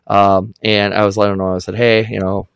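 A man's voice: lowish voice, flat delivery, fairly quick, creaky, clear, resonant tone, no room sound. A middle-aged man co-hosting a podcast, telling stories and acting out text messages in casual chat. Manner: storytelling, acts out text exchanges. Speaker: podcast co-host.

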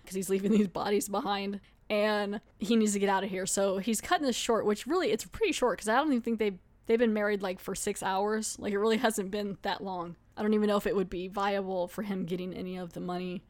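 Chatty woman recapping a TV episode. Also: medium pitch. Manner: chatty, animated retelling with laughs and quick acted asides. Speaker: podcast host.

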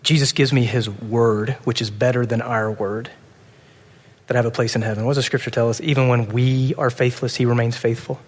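A man preaching a sermon with passion, swinging between urgent, loud pleading and soft, hushed moments. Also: medium pitch, steady tone, a little fast, big-room sound. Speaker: pastor.

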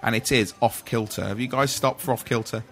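A man's voice: medium pitch, brisk, fairly bright tone. A man hosting a casual podcast chat, reading out menu items and laughing along with his co-hosts. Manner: chatty, reads out menu lists, laughs often. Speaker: podcast host.

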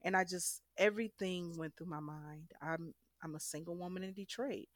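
A woman's voice: on the low side, fairly even intonation, moderate pace, no echo, studio quality. A young woman frankly and emphatically telling a personal story as a guest.

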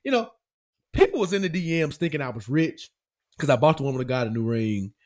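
Animated young man telling stories. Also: on the high side, fairly quick. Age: young adult. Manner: animated storytelling with laughs. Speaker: podcast co-host. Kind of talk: casual chat.

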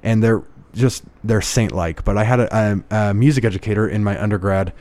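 A man speaks in a lowish voice on a close mic in a dry space. He tells stories and muses in a casual, reflective way. He often restarts his sentences. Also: brisk, darkish tone, dry recording. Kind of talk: casual conversation.

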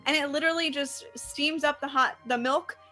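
A woman's voice: sits high, steady tone, normal speed, sharp tone, faint music behind. A woman co-hosting a podcast, chatting casually in a rambling way. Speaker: podcast co-host. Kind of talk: casual chat.

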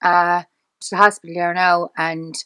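A woman's voice: on the low side, little pitch movement, bright, forceful tone, clear, resonant tone, poor audio. Irish woman retelling events in a rush. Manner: fast, halting retelling that acts out past dialogue, with many restarts. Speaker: podcast guest. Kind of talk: personal storytelling in conversation.

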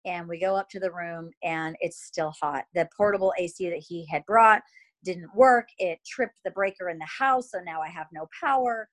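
A woman's voice: on the low side, moderate pace, rough recording. A woman in her thirties telling a personal faith story about motherhood in a candid, chatty way, full of fillers and emotional asides.

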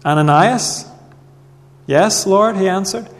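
Man preaching in an echoing hall. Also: high-pitched. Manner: earnest, measured preaching with Bible readings. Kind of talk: sermon. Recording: long reverb of a hall.

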